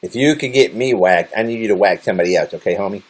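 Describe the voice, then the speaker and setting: A live streamer with a fairly low voice talks fast, chatting casually with viewers. He reads their comments aloud, teasing them and making crude jokes.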